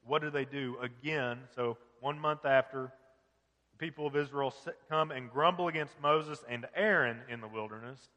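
A man's voice: medium pitch, moderate pace, sharp tone, big-room sound. A man preaching a sermon as pastor, earnest and full of rhetorical questions.

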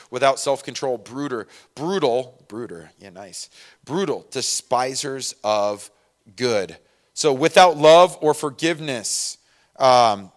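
A man preaching a relaxed, conversational sermon, full of asides and personal stories. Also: mid-range voice. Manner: conversational, many fillers and asides. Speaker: pastor. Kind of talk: casual sermon.

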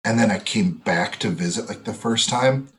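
A central Wisconsin man in his thirties talks at a moderate pace in a lowish voice. His casual chat is dry and teasing, and he slips into put-on voices to mimic whoever he's quoting.

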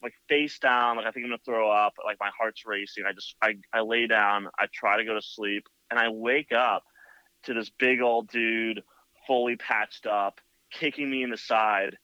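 A motorcycle builder telling a long story in casual chat, full of "like" and "you know.". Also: male voice, on the low side, fairly even intonation, normal speed, sharp tone, no echo. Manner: rambling, filler-heavy with many "like" and "you know". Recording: dull lo-fi, dry sound.

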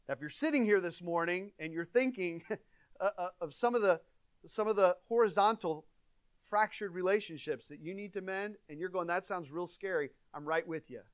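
A man's voice: on the high side, no room sound. A male pastor delivering an earnest, conversational sermon, his volume swelling and dropping for emphasis. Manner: earnest, conversational preaching with dynamic swings in volume.

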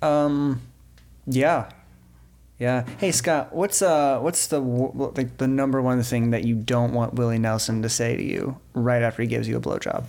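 A man's voice: medium pitch, flat delivery, gravelly, a little mellow. Joking male podcast host. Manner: joking, teasing, quick asides. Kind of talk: casual podcast banter.

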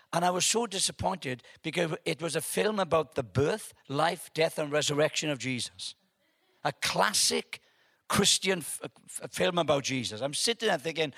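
A man preaching a testimony sermon, telling his story with animated, halting repeats and dropping softly into an invitation to pray. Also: a little high, vocal fry, husky, dry recording, clean studio sound.

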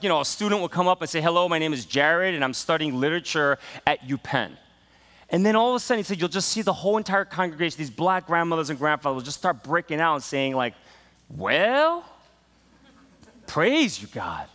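A man's voice: fairly high pitch, fairly bright tone. A man preaching a sermon, telling a story in a conversational way, with many fillers and questions to the congregation. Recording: reverberant hall sound.

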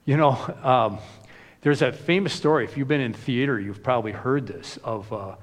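Man, pastor, casual sermon, chatty asides, mid pitch, long hall reverb. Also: moderate pace. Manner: conversational, frequent "you know" asides.

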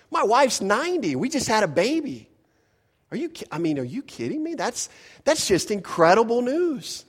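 A man voicing an elderly biblical patriarch who is overjoyed and incredulous, with excited exclamations. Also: very high voice, moderate pace, long reverb tail, pitched above the performer's own voice, exaggerated voice. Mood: amazed.

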